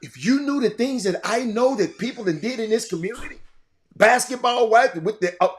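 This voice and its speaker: An older man giving an impassioned monologue as a show host, repeating himself and swinging between loud outbursts and quiet, reflective stretches. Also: very high voice, animated, fairly quick. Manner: fiery, repetitive, swinging from shouting to quiet.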